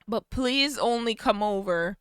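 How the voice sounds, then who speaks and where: A woman voicing a gentle, evasive young woman, speaking in a quiet, soothing, hesitant way. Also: fairly high pitch, a little slow, clear, resonant tone, dry recording, studio quality. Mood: placating.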